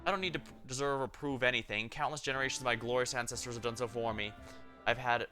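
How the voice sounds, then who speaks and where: A man's voice: mid-range voice, fairly even intonation, fast, sharp tone, soft background music, lightly acted. A man voicing an arrogant male noble baron who speaks in a condescending tone. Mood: haughty.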